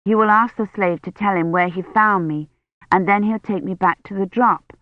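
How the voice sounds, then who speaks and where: A woman's voice: medium pitch, normal speed, no room sound, lightly acted. A woman voicing a young female historian who is feverish and frightened, speaking urgently and pleadingly. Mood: anxious inner thought. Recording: dull, slightly muffled studio audio.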